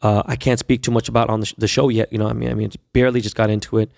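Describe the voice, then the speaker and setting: A man's voice: fairly low pitch, very fast, creaky, no room sound, studio quality. A man hosting a podcast, telling a long profane story in casual monologue and acting out the dialogue as he goes. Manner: profane, animated retelling with quoted dialogue. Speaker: podcast host.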